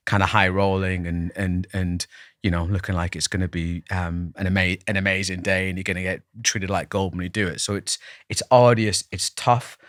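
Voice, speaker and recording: A man's voice: sits low, fairly bright tone, no echo, studio quality. A man, a podcast guest telling stories in a chatty, self-deprecating way with many restarts. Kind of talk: casual interview storytelling.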